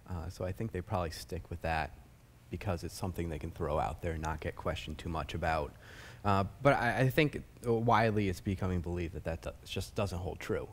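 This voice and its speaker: A man speaking as a panelist in a public forum, measured and full of filler sounds. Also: low voice.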